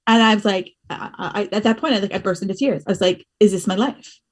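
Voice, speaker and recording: A woman from the US East Coast, a guest on a podcast, telling stories in an animated, expressive way and laughing as she talks. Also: medium pitch, quick pace. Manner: animated storyteller, expressive, laughs while talking. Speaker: podcast guest, fitness business owner. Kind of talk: casual conversational interview.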